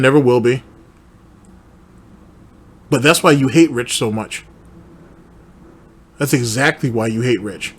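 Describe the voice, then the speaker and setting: A man hosting a reaction commentary show, talking in a blunt, profane and confrontational way. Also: medium pitch. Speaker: commentary channel host.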